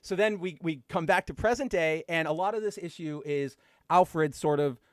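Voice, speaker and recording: A man co-hosting a podcast, chatting casually and excitedly, full of fillers and gushing asides. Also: on the high side, normal speed, dry recording, studio quality. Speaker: podcast co-host. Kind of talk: casual comic book chat.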